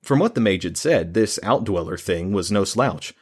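Deep, husky male audiobook narrator. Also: lively intonation, moderate pace. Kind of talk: scripted fantasy narration.

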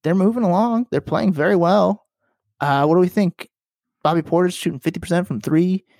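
A man's voice: sits high, fairly quick, creaky, darkish tone, no echo, clean studio sound. A man hosting a sports podcast, leading the topics and asking the others questions. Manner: leads topics, asks questions. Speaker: podcast host. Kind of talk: casual sports chat.

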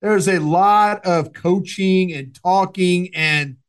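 Rambling middle-pitched football talker. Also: male voice. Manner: rambling, halting, many restarts and fillers. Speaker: podcast co-host, football analyst. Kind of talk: casual sports talk.

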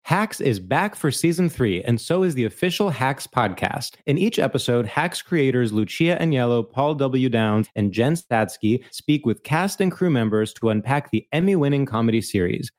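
A man's voice: mid-range voice, lively intonation, moderate pace, hardly any pauses, a little mellow. A man reading a scripted podcast advertisement in a promotional manner. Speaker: ad announcer. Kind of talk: scripted ad read.

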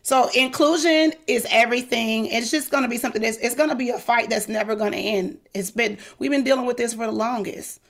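Emphatic, outspoken woman, high-pitched. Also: brisk, gravelly, hardly any pauses. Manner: emphatic, outspoken, animated with quoted asides. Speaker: podcast host, guest. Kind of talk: candid interview talk.

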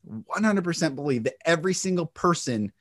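A middle-aged man hosting an inspirational spiritual talk, earnest and emphatic, swinging his pitch and loudness for effect. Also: lively intonation, fairly quick. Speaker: podcast host and speaker.

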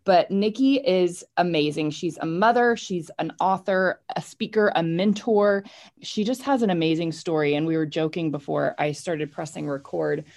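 Woman, podcast host, enthusiastic, low voice. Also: normal speed, a little mellow. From United States. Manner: bubbly, enthusiastic. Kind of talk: casual podcast introduction.

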